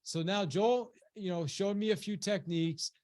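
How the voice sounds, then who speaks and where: Animated man telling a motivational story. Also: sits high, moderate pace. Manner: animated and conversational, with many restarts and "you know"; acts out quoted voices, rising sharply when quoting a shout. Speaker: webinar presenter and business coach.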